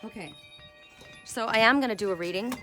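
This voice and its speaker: A woman's voice: fairly high pitch, fairly quick, sharp tone, faint music behind. A woman reading oracle cards who talks through her yard in a rambling, heartfelt way, repeating herself as she goes, with wind chimes behind her. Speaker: oracle card reader. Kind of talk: casual spiritual vlog, showing her yard.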